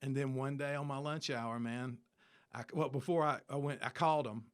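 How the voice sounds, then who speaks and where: A man in his fifties, speaking at normal speed in a smooth mid-range voice, recounts his story as a guest in an interview. The talk is easy and casual, and he animatedly plays the other characters, slipping into their dialogue.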